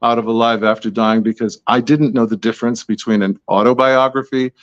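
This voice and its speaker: The author guest, a man, keeps a steady tone at medium pitch and talks fairly quickly through his podcast interview answers. He's chatty, prone to tangents and pokes fun at himself, with no room sound and the highs cut off.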